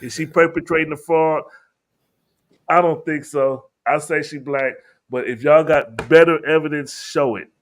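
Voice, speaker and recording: A man's voice: on the high side, steady tone, measured pace. A man hosting a heated casual debate, emphatic and storytelling as he asks for the floor.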